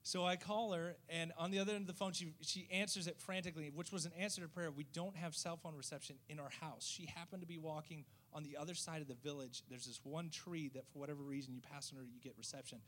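A man, a missionary, telling a story in a lively way and acting out the voices of the people in it. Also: a little high, quick pace, hardly any pauses. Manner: lively, acts out quoted voices. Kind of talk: storytelling testimony.

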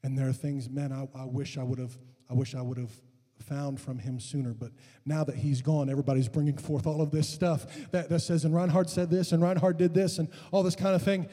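A fervent male pastor preaches and prays for healing, his husky voice pitched a little high. He swells from steady teaching into impassioned, near-shouted calls. The sound rings with the long reverb of a big church hall. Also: a little fast, hardly any pauses. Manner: impassioned, rising to shouted fervor. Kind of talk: sermon and prayer for healing. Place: church sanctuary.

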